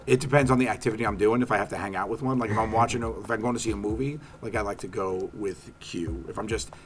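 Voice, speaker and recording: A man's voice: lowish voice, fast talker, a loud crowd. A comedian, chatting in an interview and acting out quotes as he tells stories. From Staten Island. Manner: animated storytelling, acts out quotes. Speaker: comedian guest. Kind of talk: casual interview chat.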